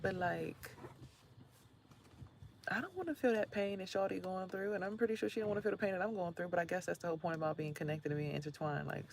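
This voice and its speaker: A woman vlogging in a chatty, slangy way, laughing often and swinging between loud remarks and hushed asides. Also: low-pitched, vocal fry, slight background noise. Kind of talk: casual spiritual vlog monologue.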